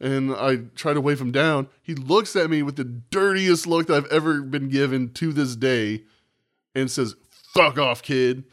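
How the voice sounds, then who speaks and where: A man's voice: medium pitch, normal speed. A man co-hosting a podcast, telling a long, rambling, profane story in casual chat and acting out the quotes. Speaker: podcast co-host.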